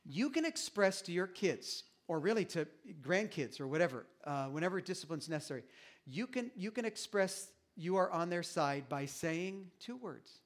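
A middle-aged male pastor preaching a sermon in a conversational, animated way, with many restarts. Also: high voice, normal speed.

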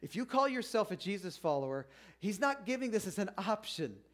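High-voiced man preaching conversationally. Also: very animated. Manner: informal, halting with restarts, acts out listeners' objections. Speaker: pastor. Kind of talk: conversational sermon.

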